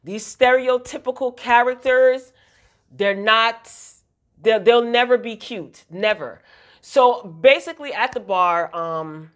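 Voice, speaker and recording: Woman vlogger, chatty and opinionated, exasperated recap of a TV show, conversational. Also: medium pitch. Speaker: TV episode reviewer. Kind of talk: casual recap commentary.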